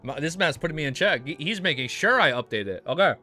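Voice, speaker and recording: Excitable streamer man with a bright voice. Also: on the high side, fast. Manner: excitable, swears freely, laughs often. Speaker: live streamer. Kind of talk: reading a novel aloud on stream and reacting. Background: faint background music.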